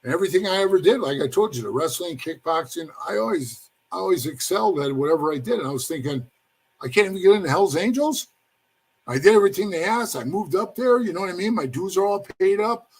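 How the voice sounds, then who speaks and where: A man with a husky, slightly high voice tells a rambling story in a casual interview. He keeps calling the listener "bro" and acts out the other people in the story in their own voices. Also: expressive, fast talker, hardly any pauses. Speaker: former motorcycle club member telling his story.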